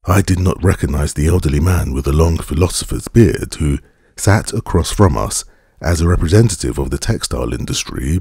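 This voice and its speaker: A man narrating an audiobook in a measured, formal storytelling manner. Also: a little mellow, dry recording, studio quality. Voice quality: very deep, gravelly and husky.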